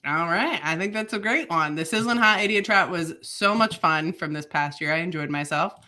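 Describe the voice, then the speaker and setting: A woman co-hosting a casual podcast, bubbly and quick to laugh, with plenty of ums along the way. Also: lowish voice, bright, forceful tone. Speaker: podcast co-host.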